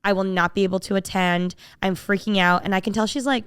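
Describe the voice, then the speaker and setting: Fast and smooth, with hardly any pauses, a woman podcast host tells a story in a mid-range voice. The chat is casual and animated, and she acts out the voices of those in her tale.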